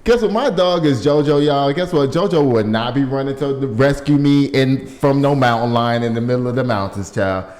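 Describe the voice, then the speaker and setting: A man's voice: medium pitch, moderate pace. A man hosting a casual news show, reading stories and riffing on them with lots of laughter. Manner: animated, laughing, riffs on stories.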